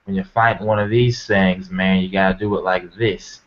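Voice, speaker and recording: Gruff farmhand brawler voiced by a man, blunt folksy threats, lowish voice, muffled lo-fi sound. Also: fairly even intonation, normal speed, lightly acted. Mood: grim. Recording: muffled lo-fi recording.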